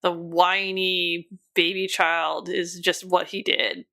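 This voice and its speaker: Woman cohost on a podcast, bright dry voice, laughs a lot, amused. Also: on the low side, level tone, slow pace, gravelly, no room sound. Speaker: podcast co-host. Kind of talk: casual chat.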